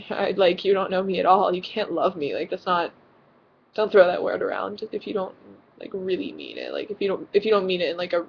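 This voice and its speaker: A woman's voice: on the low side, big pitch swings, fairly quick, creaky, slightly rough, muffled recording. A teenage girl vlogging casually from her bedroom, rambling with lots of fillers and giggles. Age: teens. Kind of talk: casual vlog chat. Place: own bedroom.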